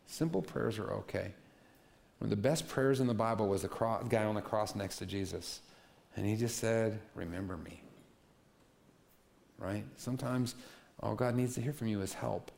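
A middle-aged man preaching a sermon in a conversational, animated way, with playful asides. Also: lowish voice, moderate pace, vocal fry. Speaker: pastor.

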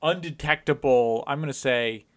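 A man's voice: medium pitch, moderate pace. A man in casual chat, rambling through ideas with many fillers and restarts, laughing often. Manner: laughs often, animated when joking.

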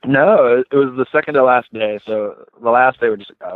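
A man talking as a guest, telling a story casually with many "like"s and lively retellings. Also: mid-range voice, fairly quick, dry recording. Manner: heavy use of "like", lively retelling. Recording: tinny phone line, dry.

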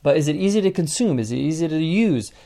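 A man's voice: on the high side, animated, fast talker, dark tone. Man teaching a chatty business lesson. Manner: conversational, encouraging, frequent fillers. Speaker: podcast host.

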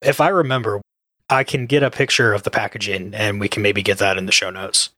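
A man's voice: fairly low pitch, fairly even intonation, brisk, bright, forceful tone, no echo, studio quality. A man co-hosting a podcast in casual chat, joking and easygoing. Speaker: podcast co-host.

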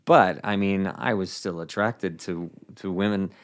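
A man who is a comedian guest, telling a story in an animated, comic way. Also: sits low, unhurried. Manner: lively storyteller, acts out voices with laughs.

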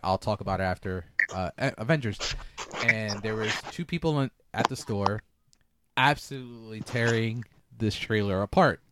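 A man hosting a casual podcast, talking in an animated, rambling way with many restarts. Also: on the low side, a little hiss or hum. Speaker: podcast host.

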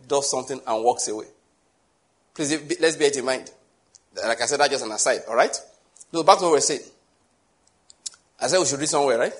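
A middle-aged man preaching a sermon, animated, asking rhetorical questions and acting out little scenes. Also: medium pitch.

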